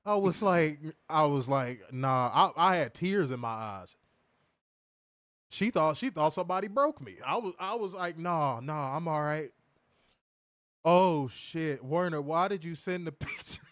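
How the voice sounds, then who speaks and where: A young man co-hosts a casual review show over a call, laughing hard and chatting loosely with lots of profanity. His podcast voice is a little high and expressive, with a fairly bright tone and moderate pace. The studio sound is clean, with no room noise.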